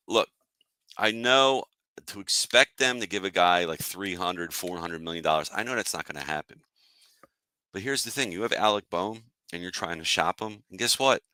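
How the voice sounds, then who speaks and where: Male sports-show host, lowish voice, casual irritated rant, answers live chat. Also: sharp tone, no echo. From Philadelphia area. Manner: annoyed, fired-up, talks to chat viewers.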